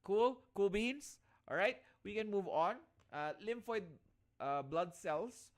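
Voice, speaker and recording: A man's voice: high voice, animated, slow pace. A man with a Filipino accent lecturing an online class, restarting phrases and checking in again and again with his listeners. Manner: checks in constantly with "all right?"; restarts and repeats phrases as he explains.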